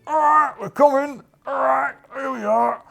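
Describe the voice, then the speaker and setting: A man voicing a duck adventurer who poses as an angry policeman, with a loud, bossy shouting manner. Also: very high-pitched, unhurried, vocal fry, faint music behind, voice pushed up, exaggerated voice.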